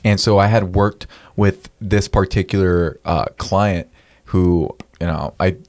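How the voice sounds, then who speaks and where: A man chatting casually as a podcast guest, telling animated stories and acting out quoted lines. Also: low voice, a little slow. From San Diego area. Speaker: podcast guest, real estate agent. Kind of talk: casual chat.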